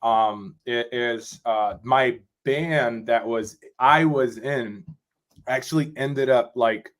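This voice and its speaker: A man from Rochester, New York, a drummer guesting on a podcast, telling a story in a rambling, animated way and often asking "you know what I'm saying". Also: medium pitch, slow. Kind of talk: casual storytelling interview.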